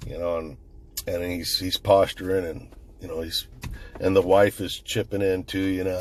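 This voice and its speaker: A man tells a story straight into his phone camera in a loose, conversational way. His voice sits a bit low, and he swears freely, trails off and restarts his sentences as he goes. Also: little pitch movement, normal speed, a little mellow. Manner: rambling, profane, conversational, with frequent restarts. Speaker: firearms commentator. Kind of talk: casual storytelling commentary.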